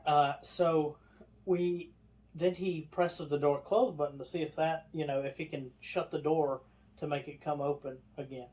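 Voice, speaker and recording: A man's voice: a little high, measured pace. A man telling a story on a podcast in casual chat, acting out the people in it. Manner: animated storyteller, acts out others' lines. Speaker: podcast co-host.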